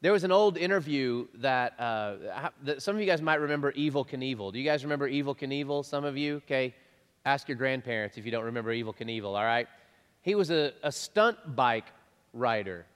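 A man preaching a conversational sermon, lively and chatty, chuckling often and repeating himself as he talks to the congregation. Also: a little high. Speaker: pastor. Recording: long reverb of a large hall.

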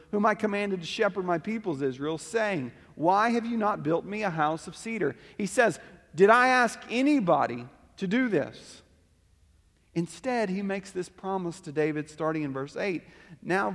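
A man preaching a sermon in what sounds like a large church sanctuary, his voice sitting a little above the usual male range. He teaches earnestly and reads long scripture passages with rising emphasis, and a long reverb trails each phrase. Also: high-pitched. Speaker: pastor.

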